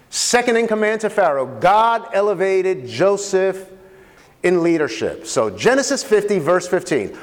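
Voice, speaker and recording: A man with a high, lifted voice preaching a sermon in a church hall with a long reverb tail. He asks the congregation questions and repeats key phrases to drive them home. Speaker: pastor.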